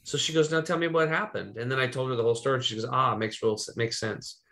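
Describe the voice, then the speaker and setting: A man's voice: mid-range voice, fast, fairly bright tone. A man from Eastern Oregon hosting a podcast, telling a personal story in loose, rambling casual chat with some swearing. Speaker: podcast host.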